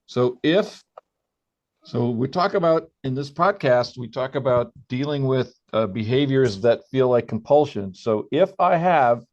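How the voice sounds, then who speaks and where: A man hosting a podcast, speaking reflectively and haltingly with many restarts. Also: mid-range voice, darkish tone. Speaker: podcast host. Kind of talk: podcast conversation. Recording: dull lo-fi sound.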